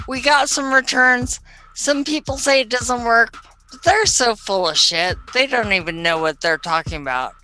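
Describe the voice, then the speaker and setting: A woman plays a ditzy young stoner girl hustling edibles. She has a bright, lively, high-ish voice that swings all over in pitch. Her talk is slow, spacey valley-girl chatter with shrill bursts, over faint music. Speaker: comedy sketch character. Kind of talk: comedic character monologue.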